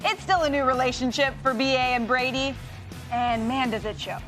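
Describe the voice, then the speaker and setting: A woman hosting a studio sports show, reading scripted segments in a crisp, measured way. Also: sits high, a bit bright, faint music behind. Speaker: studio host. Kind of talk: scripted sports broadcast narration.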